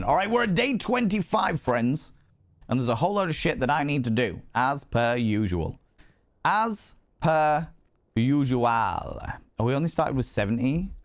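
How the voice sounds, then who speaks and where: A man chatting casually and playfully with his viewers while streaming a game, swearing freely. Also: mid-range voice. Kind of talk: casual live-stream chat while gaming.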